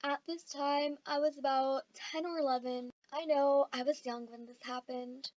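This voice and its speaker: High-voiced woman rambling through a story time. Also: fairly even intonation, normal speed, darkish tone, dry recording, lo-fi sound. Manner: rambling and self-mocking, with fillers and swearing. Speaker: vlogger telling a story time.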